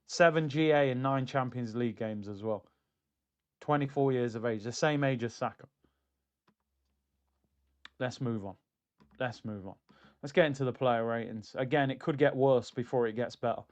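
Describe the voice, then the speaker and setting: A man hosting a casual football livestream, talking in an animated, chatty way and answering comments from his chat. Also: medium pitch, brisk. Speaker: football streamer.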